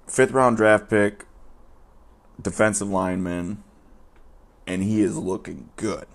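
A man's voice: lowish voice, creaky. A man guest-hosting a sports fan podcast, talking in a casual, profane, rambling and joking way.

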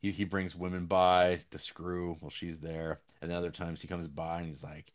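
A man recaps a movie at normal speed in a flat delivery, casual and rambling, with fillers and restarts. His pitch shoots up when he acts out the characters' lines.

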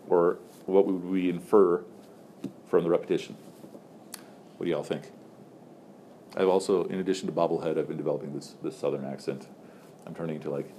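A lower-pitched man teaches a class in a relaxed, chatty way, full of "so" and "like" as he jokes with the room and puts questions to his students. A faint hiss sits under his voice. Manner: joking, loose and conversational, many fillers like "so" and "like".

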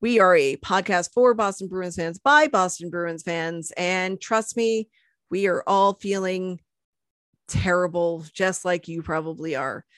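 Rambling low-voiced woman podcast host. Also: a little slow, dry recording, studio quality. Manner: rambling, self-deprecating, frequent fillers. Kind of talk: casual sports podcast chat.

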